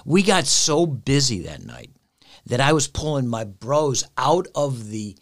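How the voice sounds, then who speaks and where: A man's voice: mid-range voice, very animated, unhurried. A man hosting a casual interview, enthusiastic and chiming in often with short reactions. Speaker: podcast host.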